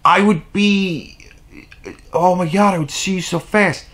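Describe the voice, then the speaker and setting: A man's voice: high voice, a little slow, a bit bright. A man delivering an exasperated, profane opinion rant on his vlog, with sarcastic asides. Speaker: vlogger.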